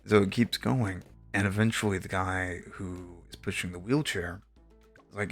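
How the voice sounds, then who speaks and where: A man's voice: low-pitched, steady tone, moderate pace, soft background music. A young man from Texas streaming a game, telling a rambling story with lots of fillers and casual swearing. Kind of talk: casual chat while gaming.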